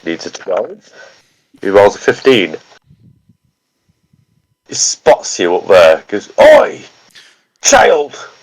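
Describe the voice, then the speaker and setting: A man running a tabletop game as game master, relaxed and laughing easily. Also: low voice, slow pace, pauses often, husky, rough recording.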